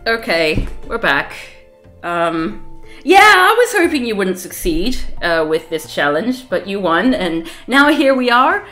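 Give me a woman live-streaming a visual novel, reading it aloud in a lively, up-and-down voice. She often cuts herself off, flustered and laughing, with wry remarks between lines. Soft game music sits in the background. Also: mid-range voice, a little slow. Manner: wry, laughing asides and flustered self-interruptions.

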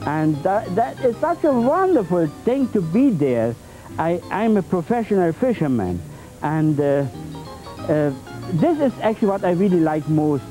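Very dark-voiced man teaching oil painting. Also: high-pitched, very animated, faint music behind, low-quality recording. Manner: halting and repetitive, with many fillers and restarts; playful, with folksy coined phrases. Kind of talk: on-camera painting demonstration. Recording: 1980s TV tape transfer.

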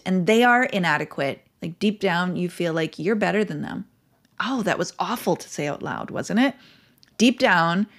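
A woman hosting a podcast, talking in a casual, earnest and reflective way, candid about her own life. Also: mid-range voice. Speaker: podcast host. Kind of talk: casual advice talk.

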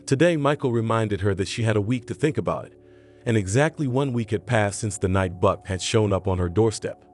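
A man narrating a scripted story in a steady, even reading voice. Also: fairly low pitch, a little fast, soft background music.

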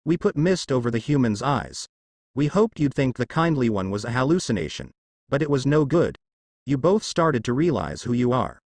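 A man voicing a nervous young male satyr, talking in a hurried, defensive way. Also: medium pitch, sing-song, darkish tone, no room sound.

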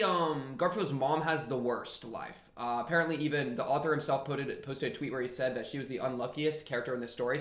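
Male reaction host, bright slightly high voice, loose rambling commentary, echoey room. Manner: rambling, animated and jokey, then winds down to a quieter reflective tone. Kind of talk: casual commentary to camera.

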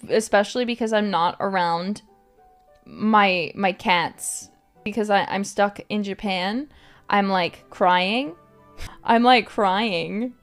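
A woman streamer rambling in casual late-night chat, giggling often and filling her talk with "like". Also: medium pitch. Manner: rambling, giggly, filler-heavy "like".

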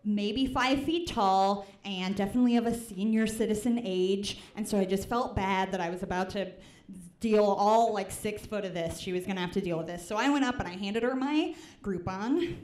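A woman's voice: medium pitch, fairly quick, darkish tone. A young woman from the Midwest doing a stand-up set, chatty and self-deprecating, with lots of "like" and "right?". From American Midwest. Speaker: stand-up comedian. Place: comedy club stage before a live audience. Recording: roomy club sound.

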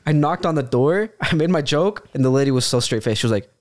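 A man's voice: on the high side, fast talker. A young man co-hosting a podcast, telling a door-to-door sales story in laid-back casual chat, full of "bro" and "like". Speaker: podcast co-host.

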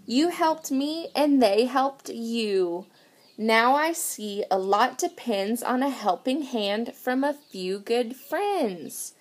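A woman voicing a self-important big dump truck in a children's storybook, in a lower, louder voice. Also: lively intonation, takes it slowly. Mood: grateful.

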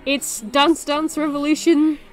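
Excitable woman streamer, slow talk. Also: high-pitched, faint music behind. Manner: excitable, laughs often, swears a lot. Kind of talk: casual livestream commentary while gaming.

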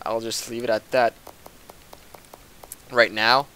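A young man giving casual, excitable commentary over a hockey video game, talking to the players on screen. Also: mid-range voice, takes it slowly, clear, resonant tone. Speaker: gaming commentator.

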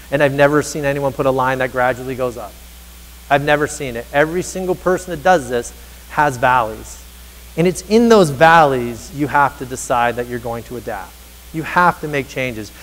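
A man's voice: medium pitch, a little fast. A man giving a motivational keynote to educators, telling stories and acting out the dialogue with energy. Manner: energetic storyteller, acts out dialogue. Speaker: keynote speaker on teacher happiness. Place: large conference hall. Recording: reverberant hall.

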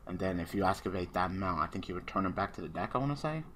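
A man's voice: low-pitched, expressive, quick pace, a bit bright, a little hiss or hum. A man hosting a gaming channel, giving casual commentary on an online card duel, swearing constantly and swinging between muttering and ranting.

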